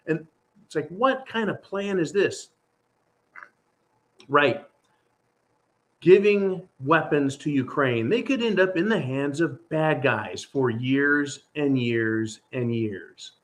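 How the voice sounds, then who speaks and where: A man's voice: on the high side, a bit bright. A man hosting his own channel, talking through a casual, rambling monologue in an exasperated, sarcastic way. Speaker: channel host.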